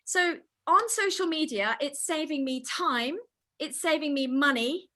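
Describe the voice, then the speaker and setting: A middle-aged woman real estate agent giving an energetic online training session, speaking straight to her audience. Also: high-pitched, a little slow. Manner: energetic, enthusiastic, addresses audience directly.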